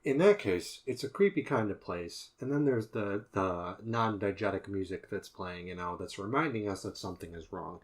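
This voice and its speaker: A man's voice: on the low side, animated, moderate pace, hardly any pauses. A man co-hosting a podcast, thinking aloud as he analyzes horror films in a casual discussion. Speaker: podcast co-host.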